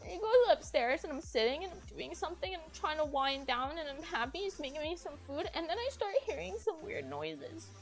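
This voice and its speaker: A woman's voice: high voice, expressive, brisk, vocal fry, few pauses, soft background music. A young woman streamer telling a long personal story in a rambling way, full of "like" and swearing. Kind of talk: casual storytelling to stream chat.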